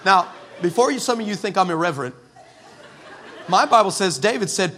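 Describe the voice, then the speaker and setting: A male preacher delivering a sermon with humorous storytelling, animated and acting out dialogue. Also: high-pitched, brisk. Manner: animated, acts out dialogue, laughing asides. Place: church meeting room.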